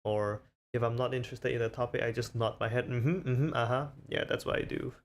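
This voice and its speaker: A man chats loosely to his stream, rambling and self-conscious as he tries out his own voices. His tone has a gravelly edge. A faint hum sits under the recording. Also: mid-range voice, level tone, fast. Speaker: VTuber streamer. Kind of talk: casual chat stream.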